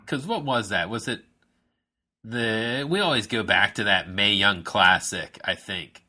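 A man co-hosting a casual wrestling podcast chat, joking and swearing casually in a relaxed way. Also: on the low side, measured pace.

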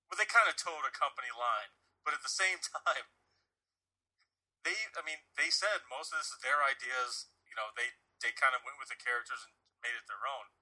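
Bright husky man chatting animatedly. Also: mid-range voice, moderate pace, poor audio. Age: adult, married. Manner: rambling, animated, laughs while talking. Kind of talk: casual chat.

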